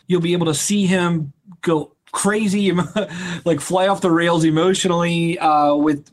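A man hosting a casual sports podcast, joking and rambling with a laugh. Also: on the high side. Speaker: podcast host.

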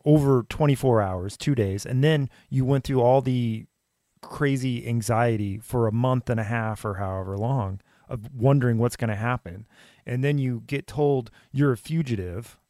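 A man's voice: mid-range voice, moderate pace, dark tone, no echo. Man, podcast host, reflective, mid-range voice, dry close sound. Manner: reflective, sums up the guest's experience. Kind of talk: casual conversation.

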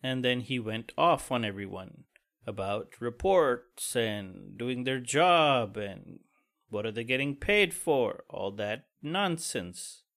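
A man's voice: medium pitch, animated, slow pace, creaky, a bit bright. A man hosting a solo podcast, venting about work in an angry, profane, pessimistic way. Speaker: podcast host. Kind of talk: casual solo podcast rant.

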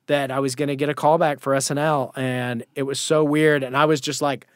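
Sitting for a casual interview, the comedian-actor recounts an anecdote with energy, voicing the people in his tale. Expect a smooth, medium-pitched delivery at a fairly quick clip, recorded cleanly in a studio with no echo.

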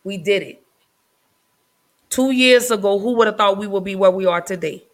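A woman hosting a casual live podcast, talking in an effusive, affectionate way with drawn-out phrasing. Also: mid-range voice, low-quality recording. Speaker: podcast host.

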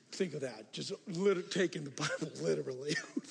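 An older man preaching a sermon as pastor, animated, moving from hushed asides to loud emphatic passages. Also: fairly high pitch, creaky. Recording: reverberant hall.

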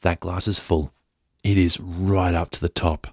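A man's voice: deep voice, little pitch movement, unhurried, husky, no echo, studio quality. An English man hosting a podcast, reading a news story aloud with chatty, joking asides. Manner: chatty, playful, jokey. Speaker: podcast host.

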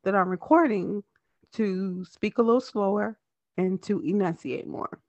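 A woman podcast host with a lisp, talking fast in casual, animated chat. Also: medium pitch, no echo, highs cut off. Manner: talks fast, animated and laughing.

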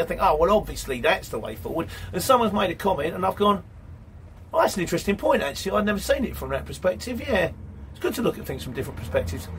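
During a laid-back live stream, a man reads his viewers' comments aloud and rambles through his answers, often saying "mate." His voice sits high, and there is a bit of background noise.

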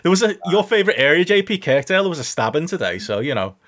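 A man's voice: on the high side, big pitch swings, racing, fairly bright tone. A man hosting a casual podcast chat, swearing freely and joking around. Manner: sweary, laughing banter.

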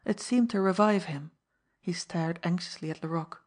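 A woman reads an audiobook in a steady, measured way. Her voice sits a little low. She keeps an even pace. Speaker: narrator. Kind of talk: audiobook narration.

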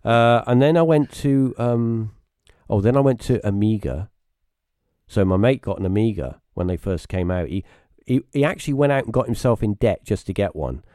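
A man with a British accent, a guest telling rambling personal stories casually, restarting often and jumping into high voices when he quotes people. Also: expressive, normal speed, dark tone, no echo, clean studio sound. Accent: British English. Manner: rambling anecdotal storytelling with many restarts; acts out quoted voices with sudden high pitch. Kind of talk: casual storytelling on a live stream.

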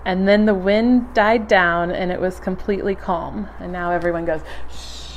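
A woman's voice: lowish voice, steady tone, moderate pace, a little hiss or hum. A woman leading a church group, reading a Bible passage aloud and chatting casually between lines with frequent laughs. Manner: laughs often, casual and upbeat. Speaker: group leader.

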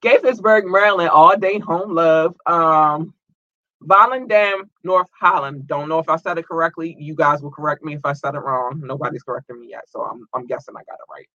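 A young American man hosting his own podcast, reading out listener shout-outs in an excited, thankful, chatty way. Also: on the high side, normal speed, no room sound, highs cut off. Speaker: podcast host.

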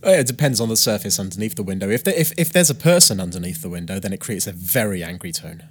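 A man co-hosting a podcast, with dry deadpan humour and occasional bursts of surprise. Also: lowish voice, quick pace, husky. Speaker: podcast co-host. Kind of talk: casual podcast chat.

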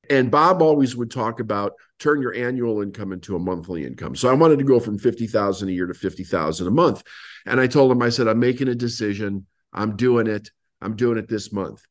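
A man, a business coach guest on an interview, telling his story and acting out old conversations. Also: medium pitch. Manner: animated storyteller, acts out past dialogue.

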